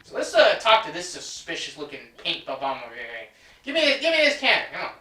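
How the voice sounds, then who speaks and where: A chatty let's play host with a bright, forceful voice and an animated, swooping pitch. They joke and talk to themself and to viewers as they play. The voice sits a little back from the mic in an echoey room, with game music underneath. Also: fairly quick, distant mic. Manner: chatty, joking, talks to self and viewers. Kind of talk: casual gameplay commentary.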